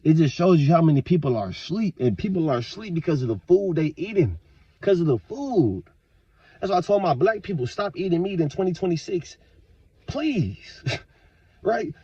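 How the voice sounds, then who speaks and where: A man talking straight to his viewers in a casual, profane, rambling rant, with sudden loud outbursts. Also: on the high side, big pitch swings, moderate pace, husky, dry recording, dull audio. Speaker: vlogger. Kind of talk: casual monologue to camera.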